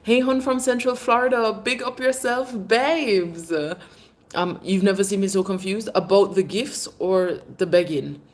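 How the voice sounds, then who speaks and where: A woman hosting a casual livestream, reading viewer comments and chatting animatedly, calling viewers "babes" and laughing often. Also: measured pace. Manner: bursts of laughter, lively pitch swings. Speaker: livestream host. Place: Jamaica.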